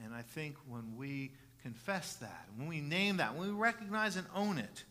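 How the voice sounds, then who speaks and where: A middle-aged man preaching a sermon as pastor, earnest, restarting phrases with repeated words and building from soft passages to loud emphatic ones. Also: mid-range voice, expressive, normal speed. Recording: long reverb of a large hall.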